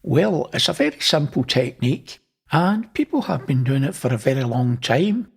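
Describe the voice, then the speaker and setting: A man's voice: medium pitch, very animated, normal speed, vocal fry, breathy edge. A man hosting, casually talking through images and pointing things out. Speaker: host. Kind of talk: casual narration over images.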